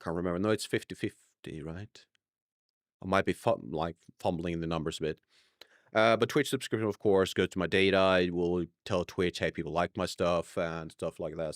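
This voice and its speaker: A man's voice: deep voice, normal speed, dry recording, studio quality. A young man streaming live, chatting casually to viewers, rambling and correcting himself as he goes, laughing often.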